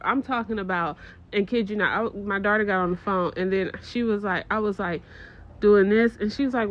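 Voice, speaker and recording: A middle-aged woman telling a casual story to her viewers, animated and swearing, with exaggerated disgust. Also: medium pitch, fairly quick, muffled recording.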